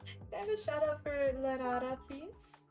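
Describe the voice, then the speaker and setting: A woman's voice: sits high, expressive, moderate pace, darkish tone, faint music behind, rough recording. Chatty laughing woman streamer. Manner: chatty, rambling, laughs often. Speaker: live streamer. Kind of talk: casual chat.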